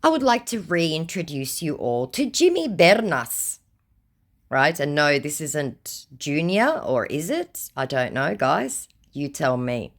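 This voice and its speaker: Sardonic woman host, animated pitch, unimpressed. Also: takes it slowly. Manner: mocking, exasperated. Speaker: channel host. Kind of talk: sarcastic chat reading.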